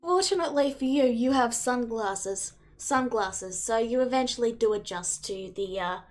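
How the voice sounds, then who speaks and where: A woman's voice: fairly high pitch, normal speed. A woman running a tabletop game as game master, narrating casually over a voice call. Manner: casual, descriptive, with fillers.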